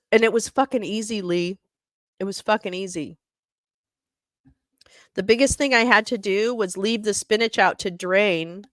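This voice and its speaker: A woman's voice: medium pitch, fairly bright tone, no room sound, studio quality. A woman hosting a casual livestream, chatting in a scattered way and swearing and laughing as she fumbles with her setup. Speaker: livestream host.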